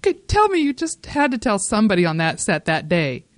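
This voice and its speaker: A man's voice: high-pitched, wildly swooping pitch, fairly quick, a bit bright, no room sound. Male host, laughing lots, short replies, dry close sound. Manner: laughs often, short reactions. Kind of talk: casual interview.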